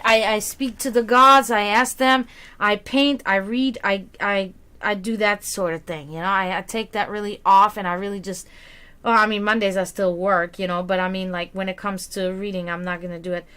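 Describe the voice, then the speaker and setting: A woman's voice: medium pitch, pushed and bright, smooth. A young woman chatting casually with her stream viewers as a psychic reader, laughing often and restarting her sentences.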